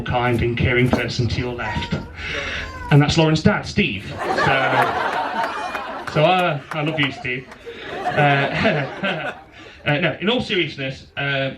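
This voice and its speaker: A young man giving a teasing best man speech into a handheld microphone at a wedding reception, joking and laughing between lines. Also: mid-range voice. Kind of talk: wedding speech with a rhyming poem. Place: wedding reception venue with guests. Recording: wedding video with crowd noise. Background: crowd of guests laughing.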